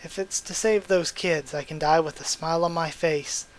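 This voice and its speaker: A man voicing a weary, guilt-ridden adult male survivor, with a quiet, resigned reading voice. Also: a little high, fairly even intonation, normal speed, close to an everyday voice, low-quality recording. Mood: wistful.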